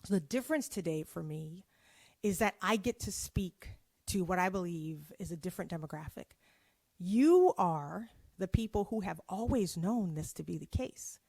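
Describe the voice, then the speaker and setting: A woman's voice: on the low side, animated, moderate pace, vocal fry, warm tone, husky, dry recording. A woman giving a motivational keynote, conversational and playful, with frequent asides to her audience. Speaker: keynote speaker.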